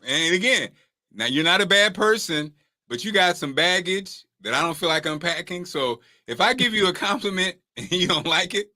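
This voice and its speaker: Bright, high-voiced man hosting a chat. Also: normal speed, no echo. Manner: laughs through his points, animated storytelling. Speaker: podcast host. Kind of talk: casual chat.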